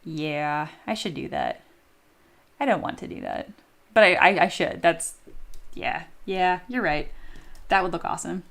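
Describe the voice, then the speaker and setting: A woman's voice: on the low side, expressive, measured pace, gravelly, long pauses, fairly bright tone. Chatty woman teaching 3D sculpting. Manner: chatty, self-deprecating, laughs often, reads chat aloud. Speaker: 3D sculpting instructor streaming live. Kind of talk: casual live-stream tutorial.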